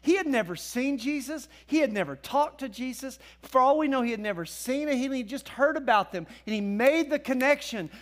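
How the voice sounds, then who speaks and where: A man's voice: very high voice, expressive, brisk, few pauses. A man preaching a sermon as pastor, in a conversational style, acting out the voices of biblical figures.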